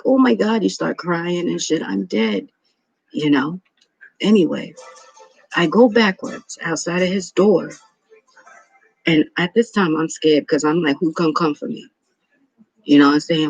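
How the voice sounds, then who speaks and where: Man in his 30s, rambling casual storyteller, a bit high, husky voice. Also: no echo, rough recording. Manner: rambling, profane, repeats himself. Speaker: vlogger.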